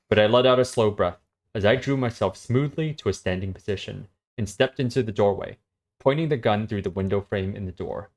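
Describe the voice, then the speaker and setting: Woman reading a novel aloud on stream. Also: very deep voice. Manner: steady reading, with small slips and self-corrections.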